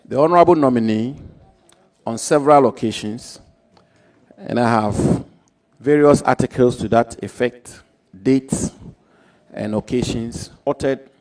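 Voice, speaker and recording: A man with a Ghanaian accent questioning a minister nominee at a parliamentary hearing, in a formal, deliberate way. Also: mid-range voice, darkish tone, poor audio. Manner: formal, deliberate, quotes records. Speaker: committee member questioning a nominee.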